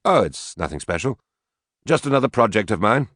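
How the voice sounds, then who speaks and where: A man's voice: lowish voice, big pitch swings, a little fast, a bit bright, no echo, clean studio sound, pitched above the performer's own voice. A man voicing Richard, a nonchalant, evasive male scientist in an audiobook, speaking breezily. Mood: offhand. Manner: breezy, offhand delivery.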